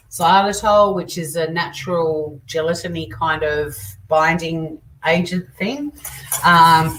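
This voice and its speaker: An Australian woman with a low voice hosts a loose, chatty cooking stream, cracking crude jokes and replying to viewers. She sits back from the mic, and faint clinks of dishes and cutlery come through from her kitchen. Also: distant mic, slight background noise. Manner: chatty, crude joking, reads out viewer comments. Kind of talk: casual live cooking chat. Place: home kitchen.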